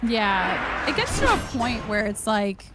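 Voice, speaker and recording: A woman's voice: mid-range voice, wildly swooping pitch, a little slow, loud music behind the voice. A woman co-hosting a live game stream in casual chat, greeting viewers and joking along. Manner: chatty, greets chat and joins in on jokes. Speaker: streamer co-host.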